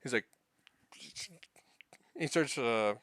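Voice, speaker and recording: A man's voice: medium pitch, takes it slowly, fairly bright tone, dry recording, studio quality. A young man telling a long, rambling work story in casual, profane talk, acting out the lines of the people in it. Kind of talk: casual spoken anecdote.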